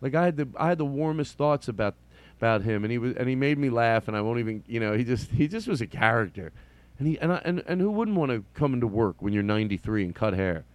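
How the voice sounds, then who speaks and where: A man's voice: medium pitch, lively intonation, fast, no room sound. A man hosting a comedy podcast in a casual monologue, drifting off on tangents, restarting his sentences and chuckling as he tells stories. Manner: digressive, restarts and sidetracks; chuckles while telling stories.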